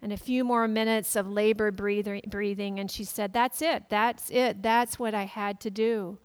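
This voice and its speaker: A woman pastor preaching a sermon, gently retelling a family story to her congregation. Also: medium pitch, fairly even intonation, moderate pace, clean tone. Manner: gentle storytelling, quoting family members softly.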